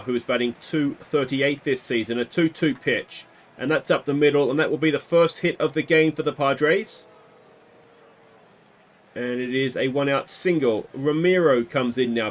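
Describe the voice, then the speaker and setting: A man giving casual play-by-play commentary on a baseball video game he is playing, with bursts of excitement on big hits. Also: medium pitch. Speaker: gaming video host.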